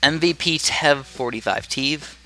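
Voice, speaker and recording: A man's voice: a little high, a little slow, pushed and bright, soft background music. A man chatting casually into a headset as he plays and comments on a tower defense game from his room, rambling and easily distracted. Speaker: gaming commentator.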